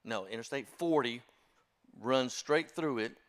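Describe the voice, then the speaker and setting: A man's voice: medium pitch, unhurried. Folksy older storyteller man. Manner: folksy, self-deprecating storyteller. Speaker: church music director. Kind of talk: storytelling talk to a congregation.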